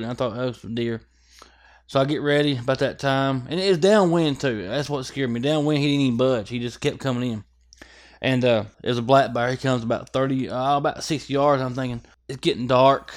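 A man, a podcast guest telling a hunting story in a lively, profane way and acting out the scenes. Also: medium pitch, brisk. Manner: animated, profane, acts out scenes. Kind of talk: casual storytelling chat.

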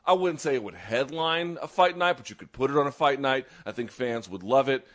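A man co-hosting a sports talk show, giving fast, animated, opinionated takes. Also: mid-range voice. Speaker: podcast co-host. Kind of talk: casual sports chat.

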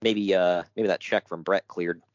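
A man's voice: deep voice, fairly even intonation, a little slow, dry recording, muffled recording. A man co-hosting a casual chat, reading out notes with jokes and frequent laughter. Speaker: podcast co-host.

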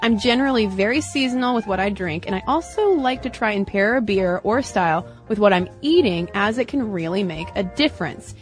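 A woman's voice: mid-range voice, lively intonation, fairly quick, hardly any pauses, faint music behind. A young adult woman co-hosting a podcast, chatting casually and playfully, often laughing. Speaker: podcast co-host. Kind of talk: casual chat.

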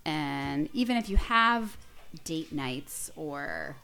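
A woman's voice: deep voice, lively intonation, slow pace, sharp tone, faint music behind. A woman in her thirties co-hosting a podcast, chatting casually and bantering with a joking manner. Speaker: podcast co-host. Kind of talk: casual chat.

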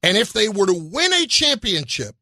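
A man co-hosting a sports talk show, building his case in an animated way. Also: high voice, normal speed, dry recording, clean studio sound. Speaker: sports radio co-host.

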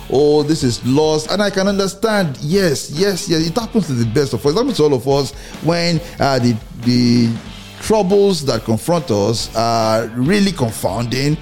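Man preaching a repetitive sermon. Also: a little mellow. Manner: repeats phrases for emphasis, rising and falling pitch.

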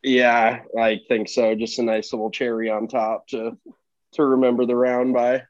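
A man's voice: medium pitch, flat delivery, moderate pace, no room sound. Joking man on a dull lo-fi mic. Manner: joking, crude, self-deprecating. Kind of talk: casual chat.

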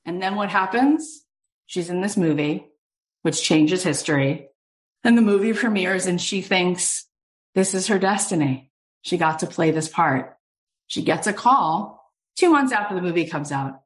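A woman podcast host and coach, telling a story in an animated, emphatic way with lots of casual fillers. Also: lowish voice, a little slow. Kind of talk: storytelling monologue.

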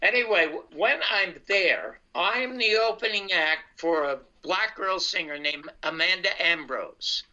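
An older man, a comedian, telling his life story in a casual, animated way and acting out the dialogue. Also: high-pitched, measured pace, hardly any pauses. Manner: animated anecdotal, acts out dialogue. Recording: dull lo-fi sound.

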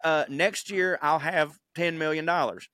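A man co-hosting a casual podcast, telling a story in a loose and profane way. His voice is bright and forward. It sits on a dry, close mic with no room sound. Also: on the high side, fairly even intonation, measured pace, dry recording. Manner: profane, rambling, acts out quotes in silly voices. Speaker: podcast co-host.

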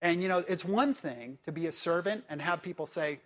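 A man preaching a sermon in a conversational way, asking his listeners direct questions and moving between emphatic and hushed delivery. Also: on the high side, fairly quick, few pauses. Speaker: pastor.

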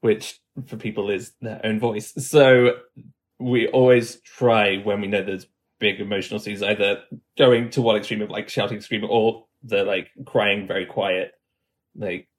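Man, fairly low pitch, guest coach, casual explaining, demonstrating sounds. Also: level tone, unhurried. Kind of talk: casual podcast chat.

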